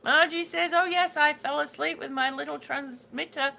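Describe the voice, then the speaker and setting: A high-pitched, gravelly middle-aged woman chats live with her viewers in a bright voice. She rambles, repeats herself and trips over words, laughing it off, over a faint background hiss. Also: fairly even intonation, normal speed. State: ringing in the ears, yawning, hungry. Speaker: livestream host reading viewer comments. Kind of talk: casual live chat with viewers.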